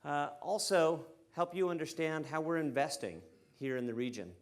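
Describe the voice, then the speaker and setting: An American man speaking at a conference, relaxed and joking, with frequent fillers. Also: on the high side, normal speed. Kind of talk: conference keynote talk. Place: conference stage before an audience.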